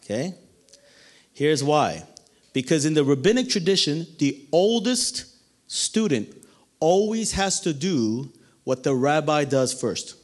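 A man preaching a sermon in a playful, animated way, acting out the people in the story and laughing often. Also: on the high side, takes it slowly.

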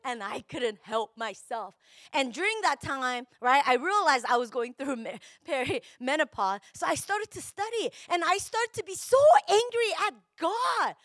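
A middle-aged woman pastor delivers an emotional, confessional sermon, her voice swinging widely and climbing into shouts at its peaks. The sound is dry and close. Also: high-pitched, expressive, normal speed, no echo.

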